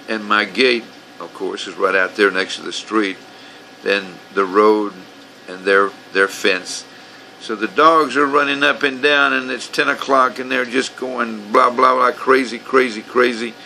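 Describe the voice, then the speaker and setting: A man's voice: medium pitch, fairly even intonation, measured pace, creaky, pushed and bright, slight background noise, poor audio. A man telling his grievances in a rambling, profane, aggrieved way, as casual storytelling. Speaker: vlogger telling his own complaints.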